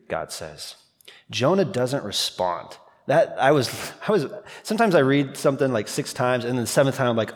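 A male pastor delivers a sermon in a relaxed, conversational way, speeding up and slowing down as he makes his points. His voice sits at a middle pitch for a man. A long reverb trails after his words, as in a large church hall. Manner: conversational, animated preaching with asides.

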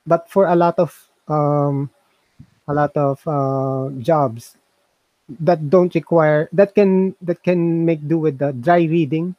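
A man's voice: a little high, steady tone, slow, no room sound, dull audio. A man co-hosting a casual chat, talking in a hesitant, musing way full of fillers and restarts. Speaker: co-host reviewing voice software.

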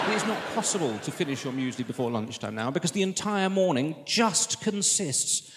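A wry, self-mocking man doing stand-up, his voice a touch higher than most. Long reverb hangs on his words, and a heavy wash of noise runs under the live recording. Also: big pitch swings, moderate pace. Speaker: stand-up comedian. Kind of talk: stand-up routine.

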